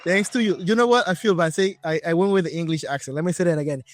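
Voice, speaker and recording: A man hosting an interview podcast, a Spanish native speaker talking in English, excited and chatty. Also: on the high side, fast, noisy background. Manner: excited, chatty, rephrases often. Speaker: podcast host. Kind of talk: casual interview chat.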